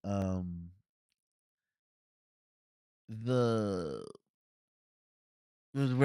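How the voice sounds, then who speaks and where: This solo movie review podcast comes from a host out of Cincinnati, US, whose voice is clear and resonant. His casual delivery wanders, full of restarts, fillers, and lively jumps in pitch. There's no room sound, and the quality is studio-grade.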